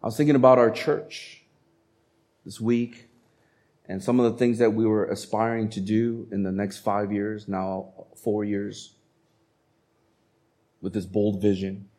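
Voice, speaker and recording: A man preaching a sermon as a pastor, speaking in a conversational, animated way and acting out quotes. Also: fairly low pitch, measured pace, pauses often.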